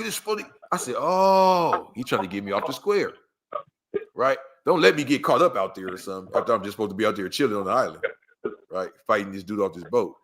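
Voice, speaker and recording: Animated man from LA telling a story. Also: on the high side, creaky. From Los Angeles. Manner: acts out quoted voices, slang-heavy, rhetorical asides. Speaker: guest storyteller. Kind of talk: animated storytelling in casual chat.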